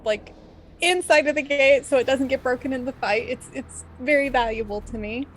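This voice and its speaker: A woman at a tabletop game talks through what her character does. She is playful and often restarts her sentences. Her high voice comes over faint background noise. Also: moderate pace. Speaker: player. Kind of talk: describing her character's actions.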